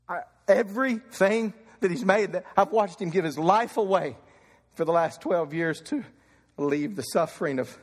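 A man's voice: high-pitched, big-room sound. A man in his thirties from Kentucky preaching a fervent sermon, telling stories from the pulpit. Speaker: pastor.

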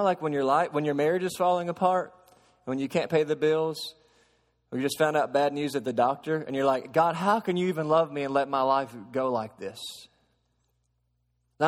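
A man preaching a sermon to a congregation, shifting from soft explaining to loud, emphatic preaching and asking them questions. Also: high voice. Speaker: pastor. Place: church sanctuary. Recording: long hall reverb.

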